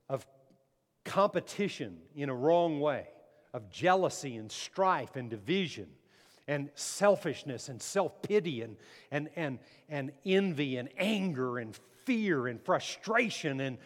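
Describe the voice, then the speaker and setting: A pastor preaching a sermon, emphatic and repeating phrases, calling the congregation to answer amen. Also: male voice, mid-range voice, sing-song, unhurried, long pauses. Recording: long hall reverb.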